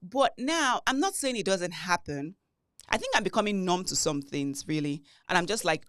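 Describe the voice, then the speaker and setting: Animated woman podcaster, low-ish dry voice. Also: fairly quick, no room sound. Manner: animated, retells arguments with heavy emphasis. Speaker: podcast co-host. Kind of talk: casual chat.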